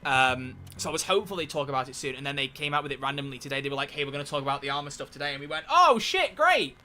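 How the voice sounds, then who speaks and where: A man talks to his live audience while he plays, loose and chatty, with the odd swear word. His tone is bright and forward. It sounds like a home streaming setup. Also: medium pitch, rapid-fire. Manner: chatty, animated, swears casually. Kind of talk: casual live-stream chat while gaming.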